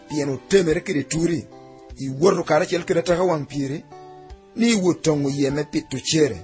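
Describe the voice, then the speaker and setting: A man's voice: fairly high pitch, darkish tone. A man giving a rhythmic, declaiming recitation.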